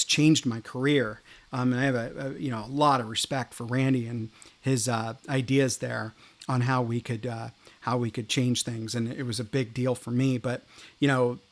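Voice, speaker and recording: A middle-aged man hosting a podcast, rambling through animated career anecdotes in a casual monologue. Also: medium pitch. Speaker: podcast host.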